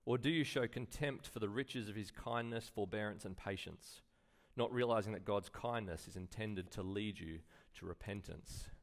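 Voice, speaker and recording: A man preaching a sermon in a conversational way, full of rhetorical questions and acted-out quotes. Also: on the low side. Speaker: pastor.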